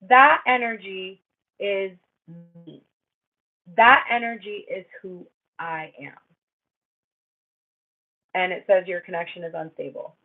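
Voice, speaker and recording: A woman talks through a tarot reading in a candid, chatty way and swears freely. Her voice is a little husky. The sound is thin and tinny, like a phone line. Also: medium pitch, steady tone, takes it slowly, pauses often. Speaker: tarot reader. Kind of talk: casual spiritual reading.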